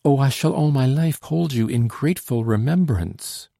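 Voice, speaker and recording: A man's voice: medium pitch, normal speed, vocal fry, mellow, no echo, studio quality, voice pushed up. A man reading an audiobook and voicing an earnest young French woman in hiding, in a raised, pleading tone. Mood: devoted.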